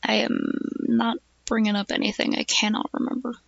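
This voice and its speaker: Gravelly, musing streamer with a dull dry sound. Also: mid-range voice, little pitch movement, moderate pace, fairly bright tone, dry recording. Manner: musing, drifting, with filler "like" and hums. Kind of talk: casual chat while reading aloud.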